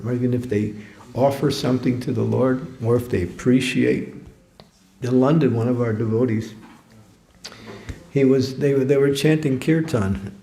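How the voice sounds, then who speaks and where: A man's voice: medium pitch, gravelly, mellow. A man giving a storytelling lecture at a temple program, chuckling often and repeating words as he goes. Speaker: guest speaker at a temple program. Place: temple hall. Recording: echoey hall recording.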